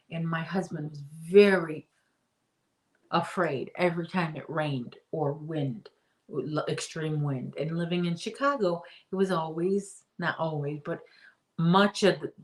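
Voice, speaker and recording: A middle-aged woman hosting a casual live-stream chat from home, rambling and reading out viewer comments. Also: low voice. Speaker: host.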